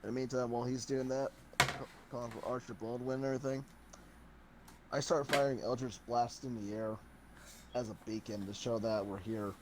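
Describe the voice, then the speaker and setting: A man's voice: medium pitch, steady tone, a little fast, pauses often. A man playing a tabletop game, making blunt, short statements about what his character does. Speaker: player. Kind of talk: casual tabletop chat. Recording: faint background noise.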